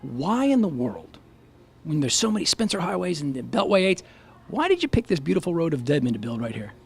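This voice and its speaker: A male TV host with a gravelly, husky edge and a slightly high voice. He talks in a chatty, folksy, joking way as he interviews a local business owner. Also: very animated, a little fast. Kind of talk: upbeat local business TV hosting.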